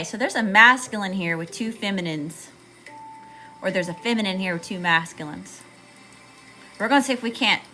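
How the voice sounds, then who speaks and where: A woman with a Southern drawl gives a live tarot reading, chatty and loose with slang as she talks straight to her viewers. Her voice is bright and forward. Faint music plays underneath. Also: medium pitch, low-quality recording. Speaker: tarot reader.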